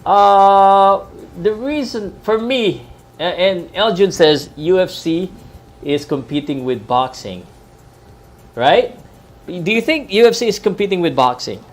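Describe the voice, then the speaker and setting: A man's voice: fairly high pitch, expressive, a little slow. A man from the Philippines, a professional commentator, chatting loosely about boxing and MMA on a live stream, with many fillers and restarts. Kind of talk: live fight-night talk.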